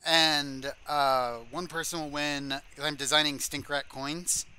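Guy running the game, chatty, laughs a lot, bright voice. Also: a little high, flat delivery, unhurried, clear, resonant tone. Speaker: game master.

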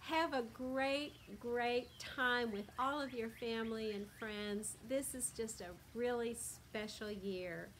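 A woman's voice: a little high, fairly even intonation, takes it slowly, few pauses, fairly bright tone, a little hiss or hum. A woman recording a cheerful, upbeat birthday message. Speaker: friend giving birthday wishes.

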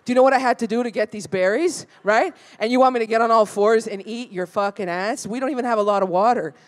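A woman's voice: on the high side, fast, close to an everyday voice. A woman voicing an exasperated husband back from foraging, ranting indignantly in a stand-up bit.

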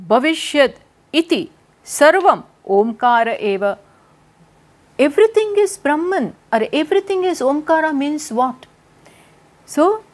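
An Indian woman teaching scripture, speaking slowly and deliberately and answering her own questions as she explains. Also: sits high. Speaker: spiritual teacher. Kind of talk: scripture lecture with chanting. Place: home in Massachusetts.

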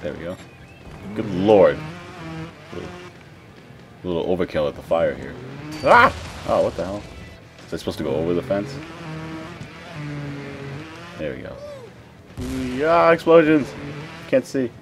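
A young man giving live gameplay commentary, excitable, swearing and yelping at crashes. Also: low-pitched, moderate pace, pauses often, soft background music. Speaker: gaming commentator.

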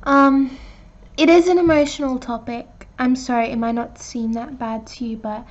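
A woman tells an emotional story time vlog in a high voice. She sounds earnest and hesitant, and the audio comes through dull and lo-fi, as if taken from a clip. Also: fairly even intonation, moderate pace.

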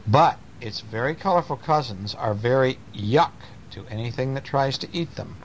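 Father reading bedtime stories, lively up-and-down voice, playful, at home, faint noise behind. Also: mid-range voice, normal speed, low-quality recording. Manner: playful, animated, talks to the child. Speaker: father reading to his child.

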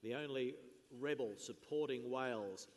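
A man's voice: medium pitch, normal speed. A man hosting an on-stage interview at an awards lunch, with an upbeat, jokey presenter manner. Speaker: event MC and interviewer. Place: large function hall at a lunch event. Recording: long reverb in a big hall, faint room noise.

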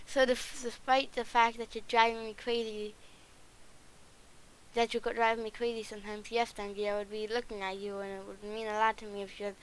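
A woman's voice: a little high, a little hiss or hum, natural voice, poor audio. A woman reading as a grumpy ogre. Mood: earnest. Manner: halting, flat read-through with restarts. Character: grumpy male ogre, gruff and reluctant.

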